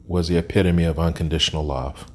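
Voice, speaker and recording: A man's voice: low voice, steady tone, quick pace, slight background noise. A man in his sixties telling his life story as an interview guest, candid and plain-spoken with frequent ums and restarts. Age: 60s.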